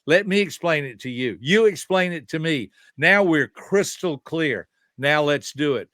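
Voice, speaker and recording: A man's voice: fairly high pitch, expressive, measured pace, a bit bright, no echo, clean studio sound. A man in his seventies, a behavior specialist explaining ideas in an emphatic, teaching way and asking rhetorical questions. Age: 70s. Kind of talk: conversational teaching.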